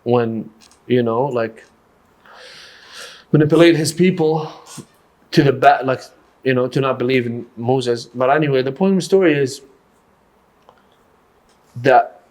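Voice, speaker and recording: A man's voice: medium pitch, darkish tone. A boxing coach, telling stories earnestly in a casual podcast conversation, often restarting his sentences. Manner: earnest, storytelling, halting restarts.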